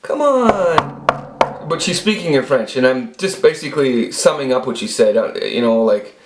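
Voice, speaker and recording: A channel host tells a rambling, profane personal story as a casual monologue, restarting often. His medium-pitched voice is animated and fairly quick, and the recording is very noisy and echoey.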